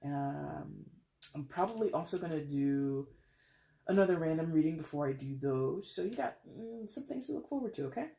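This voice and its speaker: A tarot reader talks straight to the camera in a blunt, sassy way, swearing freely and rambling with quick restarts. The voice sits at a middle pitch. The recording has a noticeable echo from the room. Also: animated, gravelly, dark tone. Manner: chatty, with laughs and restarts. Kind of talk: casual solo reading to camera. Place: alone in a room at home. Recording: echoey room.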